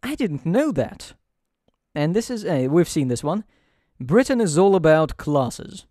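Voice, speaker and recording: A man's voice: a little high, sing-song, unhurried, mellow, no echo. A man giving dry, sarcastic gameplay commentary as host of a let's play.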